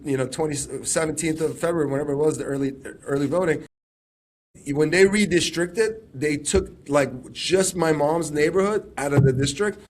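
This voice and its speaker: Texas guy telling a story on a podcast, highish voice, does little voices for people. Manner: animated storyteller, acts out quoted voices. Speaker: former congressional candidate.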